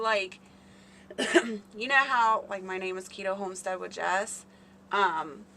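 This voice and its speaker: Woman rambling on her live stream, bright sharp voice, faint hum behind. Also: mid-range voice. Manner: chatty, rambling, talks to chat readers by name. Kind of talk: casual live-stream chat.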